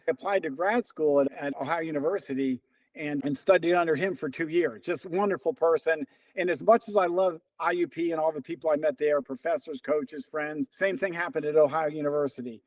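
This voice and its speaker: An older man with a high, lively voice spins anecdotes as an interview guest, slipping into the voices of the people he quotes. The sound is close and dry. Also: a little fast, no room sound. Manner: animated storyteller, acts out quoted dialogue. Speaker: interview guest, runner and coach. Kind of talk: casual storytelling.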